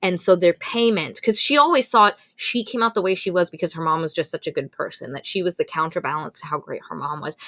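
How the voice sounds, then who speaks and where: A woman's voice: lowish voice, fast talker, hardly any pauses, a bit bright, no room sound. A woman co-hosting a casual book review podcast, gushing and swearing freely as she recaps the story. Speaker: podcast co-host.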